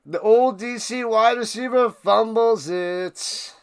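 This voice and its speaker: High-voiced man calling plays live. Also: slow pace, clean tone. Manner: excitable, bursts into shouted calls. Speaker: live stream host. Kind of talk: casual play-by-play commentary.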